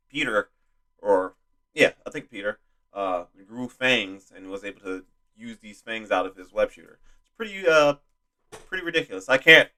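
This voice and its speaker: Young man, low-pitched, bright tone, casual rambling movie talk, swears a lot. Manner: rambling, frequent fillers and profanity. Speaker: video host.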